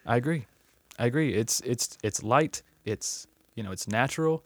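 Easygoing male podcast co-host, mid pitch, dry studio sound. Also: lively intonation, normal speed, no echo. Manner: chatty, easygoing, reads ad copy. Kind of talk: casual podcast chat.

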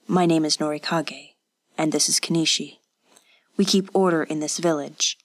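A woman voicing a calm, watchful male village official who speaks in a measured, firm way in an audiobook. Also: low voice, dry recording. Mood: formal.

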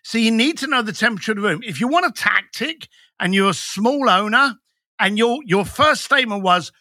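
A man's voice: high voice, expressive, brisk, pushed and bright, no echo, clean studio sound. A man, a business coach talking bluntly and emphatically as a podcast guest. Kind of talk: podcast conversation.

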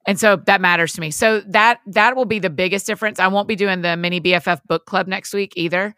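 A woman's voice: mid-range voice, fast talker, bright, forceful tone, dry recording, clean studio sound. A woman hosting a podcast, chatting casually and laughing often with her co-host. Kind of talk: casual chat.

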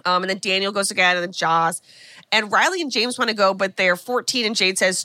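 A woman co-hosting a podcast, recapping a film in an animated, casual chat full of asides. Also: mid-range voice, fairly quick, dry recording. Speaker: podcast co-host.

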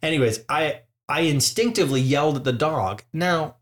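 A man's voice: fairly high pitch, animated, normal speed, fairly bright tone. A man co-hosting a podcast, telling a rambling, self-mocking story in casual chat. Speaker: podcast co-host.

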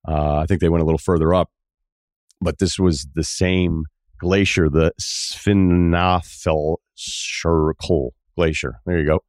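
Low-voiced man telling a travel story. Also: unhurried, dry recording, studio quality. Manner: animated, acts out quoted dialogue in shifting voices. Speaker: podcast host. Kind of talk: casual storytelling monologue.

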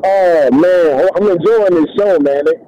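A man's voice: high voice, measured pace, dark tone, highs cut off, slight background noise. A young man calling in to a radio show, friendly and talkative. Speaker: caller. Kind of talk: casual call-in chat.

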